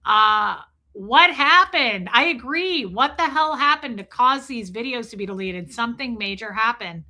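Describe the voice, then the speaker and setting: Middle-aged woman streamer, brash and animated, bright cutting tone. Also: fairly high pitch, unhurried. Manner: profane, animated, acts out quotes. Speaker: livestream host. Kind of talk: gossip commentary livestream.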